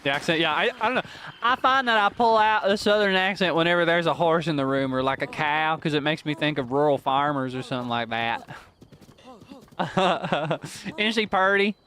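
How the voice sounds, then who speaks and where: A man's voice: fairly high pitch, normal speed, pushed and bright. A man streaming a video game, chatting casually in a playful way and laughing often. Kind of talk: casual gameplay commentary.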